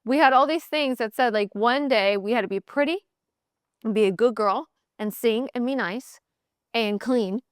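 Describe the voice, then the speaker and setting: A woman hosting a podcast, giving blunt, animated sales coaching in a casual motivational talk. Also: on the high side, normal speed, clean tone, no room sound, studio quality. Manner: blunt, animated, mimics voices in quotes.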